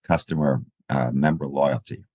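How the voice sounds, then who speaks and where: A man with a very deep voice hosts the interview. He builds his questions in a stop-start way and repeats words. The sound is dry and close, with no room echo. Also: fairly even intonation, darkish tone. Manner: halting, repeats words while forming questions. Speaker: podcast host.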